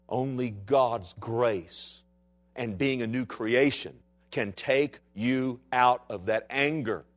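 A man from Texas preaching a sermon to a church, swinging from loud, urgent passages to hushed, intense ones and acting out the voices he quotes. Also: fairly low pitch. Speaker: pastor.

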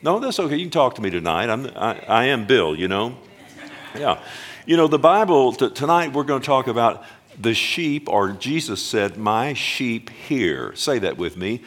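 A man preaching a Wednesday night sermon in church, calling for amens and slowing down to stress scripture. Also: mid-range voice, sing-song. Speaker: pastor.

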